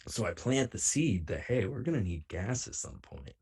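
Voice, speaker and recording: A pro wrestler guesting on a podcast tells prank stories in casual, playful storytelling, animated and acting out what people said. His voice is fairly low and husky, at normal speed.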